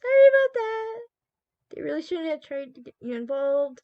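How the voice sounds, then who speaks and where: A woman reading the lines of a gentle, apologetic female club president in a quiet, soft voice. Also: high-pitched, sing-song, normal speed, no room sound, dull audio, voice pushed up.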